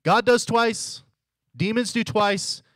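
A man's voice: high voice, slow pace, fairly bright tone, no room sound. A male pastor preaching a sermon in a conversational teaching manner, repeating his questions for emphasis and briefly acting out the Bible's dialogue.

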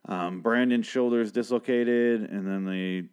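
A man's voice: fairly low pitch, steady tone, unhurried, darkish tone, clean tone. A man hosting a casual TV episode review, talking in a rambling, profane and sarcastic way. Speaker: host of a TV review show.

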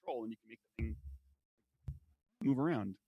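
A man's voice: medium pitch, a little fast, slightly rough, no room sound, phone-quality sound. A man co-hosting a podcast in casual chat, joking around and spinning out absurd ideas. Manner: jokey, riffs on absurd ideas. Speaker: podcast co-host.

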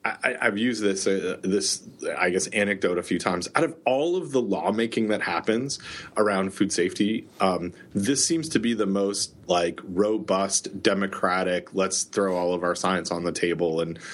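Man, middle-aged, podcast co-host, low-pitched, rambling, laughs a lot. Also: moderate pace. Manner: rambling storyteller, laughs often. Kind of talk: casual podcast chat.

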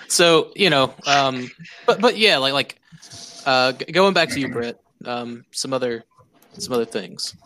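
Male podcast host, bright voice, rambling casual talker, light hiss in the background. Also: mid-range voice, lively intonation, a little slow. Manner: rambling, many fillers and restarts. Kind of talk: casual chat.

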